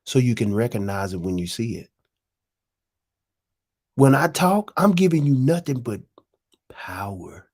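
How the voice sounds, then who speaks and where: A man's voice: medium pitch, big pitch swings, moderate pace, long pauses, a little mellow, breathy edge. A man hosting his own channel, giving a profane, preachy monologue full of slang and rhetorical questions. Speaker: host. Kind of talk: casual monologue.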